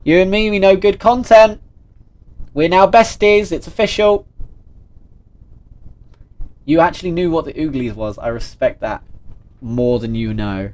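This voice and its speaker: In an unhurried way, with long pauses, a man streams live, reading the chat out loud and cracking jokes in reply. His somewhat high voice has a slightly mellow quality, and the mood is casual and playful.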